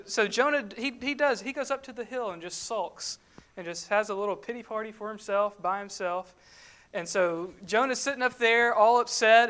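A woman's voice: on the high side, a bit bright. A woman giving a sermon, conversational, with rhetorical questions and emphatic asides. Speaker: preacher.

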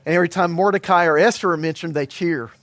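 A middle-aged male pastor delivers a sermon in an earnest, emphatic way, slowing for measured pauses. His voice sits high for a man. The sound is dry and close, with little room around it. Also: fairly even intonation, fairly bright tone, dry recording.

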